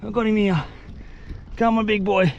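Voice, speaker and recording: A man filming himself outdoors in the mangroves, talking in excited, slang-heavy bursts straight to a handheld camera. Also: high-pitched, moderate pace, highs cut off, background noise. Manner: excited, breathless slang-filled chatter. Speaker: outdoor vlogger. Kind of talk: self-filmed outdoor vlog.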